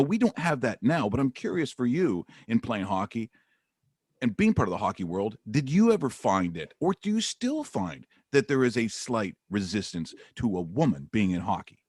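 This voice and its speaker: A middle-aged man hosting a sports radio show, telling rambling stories in an animated way. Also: medium pitch, no room sound, clean studio sound. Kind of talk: radio interview chat.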